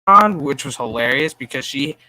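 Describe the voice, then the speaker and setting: A man's voice: mid-range voice, expressive, normal speed, bright, forceful tone, no room sound. A man hosting a stream, ranting in casual, profanity-heavy commentary with a sarcastic, exasperated manner and frequent stammered restarts. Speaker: streamer host.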